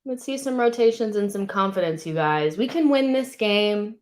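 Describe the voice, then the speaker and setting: A woman hosting a live football watchalong, chatting casually and shouting with excitement when her team does well. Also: medium pitch, moderate pace. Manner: excitable, shouts at big moments, swears casually. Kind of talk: live match commentary with viewers.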